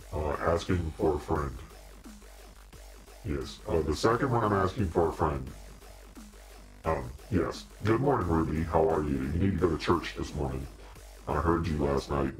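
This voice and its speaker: A middle-aged man, hosting a casual live stream chat, joking and rambling and laughing often. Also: sits low.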